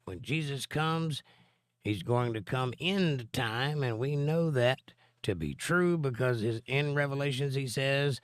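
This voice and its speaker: A man hoarse from laryngitis hosts a live stream, reading viewer comments aloud and answering with long Bible explanations in a casual, teaching tone. His voice is medium-pitched and smooth, delivered at a measured pace. The recording is dry and studio quality.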